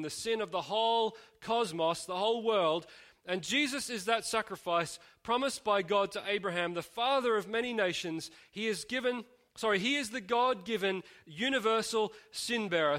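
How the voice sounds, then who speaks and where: A man delivers a sermon in a fairly high voice. His tone is bright and clear, and he works through rhetorical questions, often stopping to restart a phrase. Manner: thoughtful, asks rhetorical questions, frequent restarts. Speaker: preacher.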